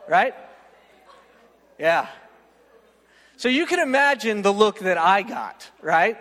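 A man preaching a storytelling sermon, animated and self-mocking, often checking in with "right?". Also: sits high, measured pace, long pauses. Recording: long reverb of a large hall.

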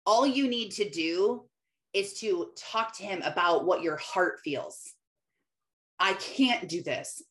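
A woman in her thirties giving an earnest, conversational talk about faith to her followers, slipping into quoted voices as she goes. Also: medium pitch. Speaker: Christian business owner sharing faith.

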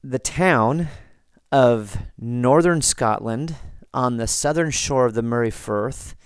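An American man hosting a podcast, reading listener comments and chatting in a relaxed, rambling way with frequent restarts. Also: medium pitch, slow pace, clear, resonant tone, no room sound, clean studio sound. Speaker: podcast host.

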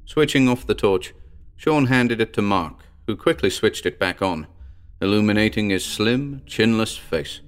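A man reading a scripted story as narrator in a calm, measured way. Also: on the low side, clear, resonant tone.

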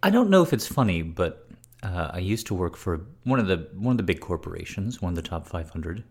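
Deep-voiced playful male podcast host. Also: very animated, fairly quick, breathy edge. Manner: wry, playful and flirty. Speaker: podcast host answering listener questions. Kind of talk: casual chat.

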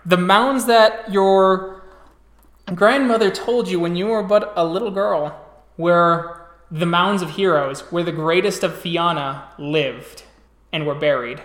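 A man narrating a tabletop game as storyteller, describing scenes slowly and restarting phrases as he goes. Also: high voice, a bit bright, roomy sound.

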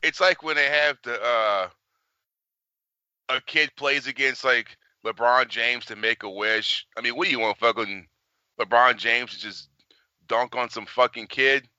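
A man's voice: mid-range voice, fairly even intonation, a little slow, sharp tone, clear, resonant tone, no echo. A man co-hosting a casual chat, blunt and swearing often. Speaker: podcast co-host. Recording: slightly dull, lo-fi sound.

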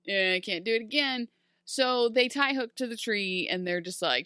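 A bright, sharp-toned woman chatting about a TV show. She is animated and laughs a lot, slipping into quick mock voices for the characters. The sound is close and dry. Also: medium pitch, no room sound. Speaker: podcast co-host. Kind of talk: casual chat recapping a TV show.

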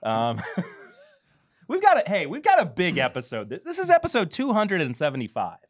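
A man's voice: sits high, wildly swooping pitch, moderate pace, no echo. Chatty male podcast host, dry close mic. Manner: chatty, jokey, laughs often. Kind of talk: casual podcast chat.

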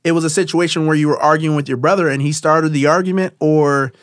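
A man talking through a personal story in loose, rambling conversation, full of fillers and restarts. His voice sits fairly high for a man. The sound is close and dry. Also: steady tone, quick pace, no room sound. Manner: rambling, many fillers and restarts, laughs often. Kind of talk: casual conversation.

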